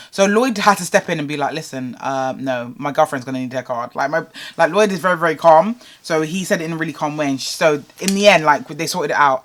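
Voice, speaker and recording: A young woman from England, telling a storytime rant as a vlogger, animated and exasperated, with many fillers. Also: lowish voice.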